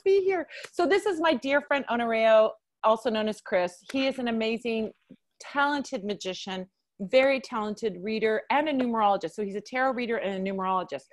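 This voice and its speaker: Bubbly lady hosting a live video call, laughs a bunch, talks in quick bursts. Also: fairly high pitch. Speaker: host. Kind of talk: casual live video chat.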